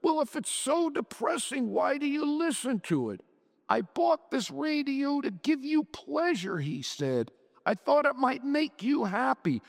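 A man's voice: very high voice, big pitch swings, measured pace, vocal fry, in a large hall, exaggerated voice. A man voicing an irritable, tired husband in a dramatic story reading, exasperated and bitter. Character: weary, irritable middle-aged husband.

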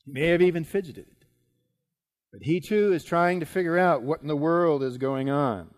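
A man preaching a sermon as dramatic storytelling, swinging between loud and hushed. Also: on the high side, normal speed.

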